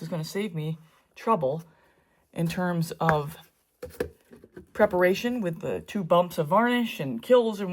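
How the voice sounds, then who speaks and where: With a deep, husky voice and darkish tone, a middle-aged fluid art painter chats her way through a casual painting tutorial. Her narration drifts around, full of asides made while she's working.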